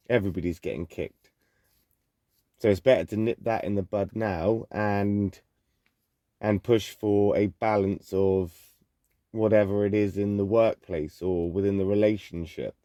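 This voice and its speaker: Low-voiced man giving a casual zodiac reading. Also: dark tone, no room sound, studio quality. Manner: conversational, loose, repeats phrases and restarts often. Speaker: zodiac reading channel host.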